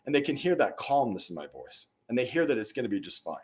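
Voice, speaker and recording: A man's voice: medium pitch, big pitch swings, fast, few pauses. Earnest, emphatic man on a podcast. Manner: earnest and emphatic, with rising bursts of energy. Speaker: podcast guest. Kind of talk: conversational interview storytelling.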